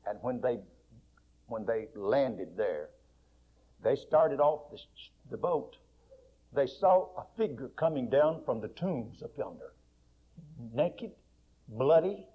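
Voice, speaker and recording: A male preacher retelling a story in a folksy, dramatic sermon, swinging between soft, quiet passages and loud, raised ones. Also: medium pitch, breathy edge. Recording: muffled lo-fi recording.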